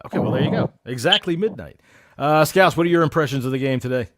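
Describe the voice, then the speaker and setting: A man's voice: a little high, expressive, fast talker, dry recording, clean studio sound. A man hosting a casual sports podcast, joking, teasing and swearing. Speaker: podcast host.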